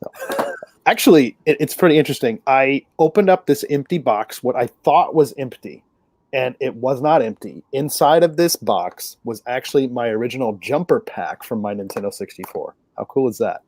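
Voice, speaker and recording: A man's voice: medium pitch, animated, moderate pace, a little mellow, no room sound. A man hosting a casual podcast, easygoing as he wraps up the episode with plugs and jokes. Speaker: podcast host.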